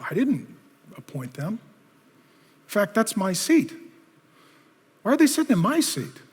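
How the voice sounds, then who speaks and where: A man voicing Jesus as a calm authority who speaks quietly, firmly and in measured phrases. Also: high-pitched, husky, big-room sound, exaggerated voice.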